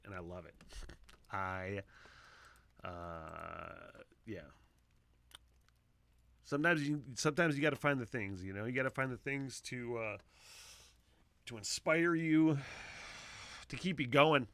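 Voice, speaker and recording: A man hosting a casual solo podcast, talking in a rambling, profane way that swings from loud excitement to low mutters into a close microphone. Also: a little slow, long pauses, no room sound. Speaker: podcast host.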